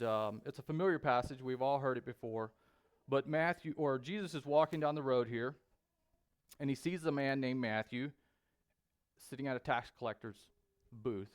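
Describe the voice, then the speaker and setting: A man preaching a sermon in a church, speaking deliberately with frequent pauses and fillers. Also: mid-range voice, clean tone. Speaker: pastor. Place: church sanctuary.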